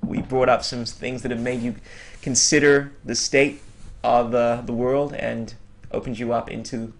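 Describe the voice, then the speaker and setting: A man's voice: medium pitch, unhurried. Aussie guy hosting a podcast, joking around, mid voice. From Australia. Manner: jokey, animated sign-offs. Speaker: podcast host. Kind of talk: casual chat.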